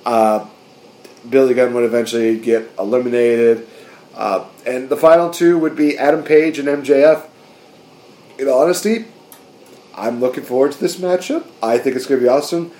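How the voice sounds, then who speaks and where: A man with a mid-range, dark-toned voice speaks at a normal speed. He co-hosts a podcast, casually talking through a wrestling recap and acting out quotes in raised voices.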